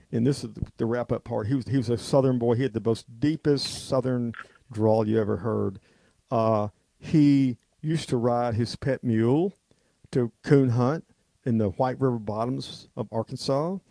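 Gravelly-voiced man ranting on the radio. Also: mid-range voice, warm tone, dry recording. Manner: rambling, emphatic ranting. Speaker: talk radio host. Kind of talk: off-the-cuff radio monologue.

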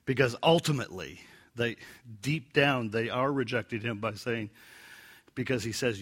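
A man teaches a Bible passage verse by verse in a bright, ringing voice. He jokes about his own gags and slips into lively put-on voices for the lines he quotes. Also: medium pitch, normal speed, slightly rough.

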